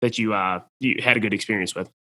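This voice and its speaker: A man's voice: on the low side, fairly even intonation, quick pace, bright, forceful tone. A man hosting a country music podcast, chatting casually with lots of filler words. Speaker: podcast host. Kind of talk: casual interview.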